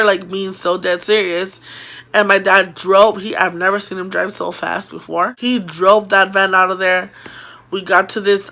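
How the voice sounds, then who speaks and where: A woman vlogger telling a story in a casual, animated way, full of fillers and acted-out quotes. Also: medium pitch. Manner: animated, filler-heavy retelling with quoted voices.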